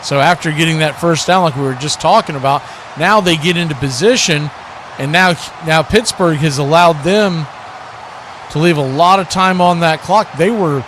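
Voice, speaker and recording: A man giving live football play-by-play as the announcer of a watch-party stream. He calls each play briskly and his voice jumps up on big moments. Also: fairly high pitch, a bit bright, slight background noise. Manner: brisk, calls plays as they happen, rises sharply on big plays.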